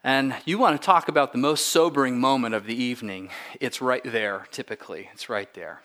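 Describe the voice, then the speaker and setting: Male pastor, mid-pitched, earnest sermon delivery, repeats and stresses key words. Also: fairly quick, bright, forceful tone.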